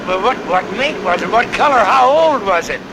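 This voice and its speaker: An actor playing a police detective who stammers and presses witnesses in a 1960s TV crime drama. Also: male voice, high-pitched, expressive, normal speed. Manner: stammering, repeated questions. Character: persistent, stammering male detective questioning witnesses. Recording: loud hiss, old TV soundtrack.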